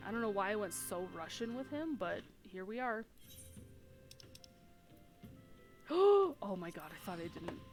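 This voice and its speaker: A woman streaming a video game, chatting casually with excitable bursts of exclamation. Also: mid-range voice, a little fast, hardly any pauses, faint music behind, rough recording. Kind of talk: casual live-stream commentary.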